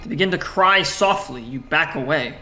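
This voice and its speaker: A gaming streamer with a slightly high, bright, forceful voice at moderate pace plays a text adventure, reading the game text aloud and commenting casually. He swears now and then and jokes to himself, with slight background noise.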